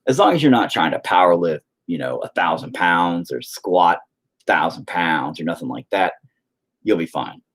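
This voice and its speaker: A man's voice: low-pitched, expressive, moderate pace, fairly bright tone. A man chatting casually and profanely with viewers while he paints, rambling and putting himself down. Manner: profane, rambling, self-deprecating.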